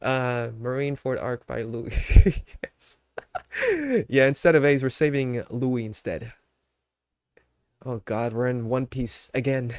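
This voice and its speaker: A man's voice: mid-range voice, fairly even intonation, slow, pauses often, darkish tone, smooth, no echo, studio quality. A young man chatting casually on his live stream, ranting with mock anger at his chat, then laughing and apologizing.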